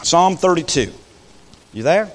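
A preacher with a high, lively voice, preaching a sermon in a church sanctuary. He slides from quiet, conversational asides up into ringing, impassioned shouts. The room adds a long reverb tail to every line. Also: measured pace. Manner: impassioned, swings from low talk to high shouts.

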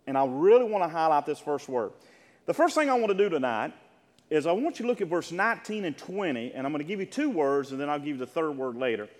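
A man preaching a sermon as pastor, asking the congregation for agreement and rising to loud, emphatic peaks. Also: a little high, long reverb tail.

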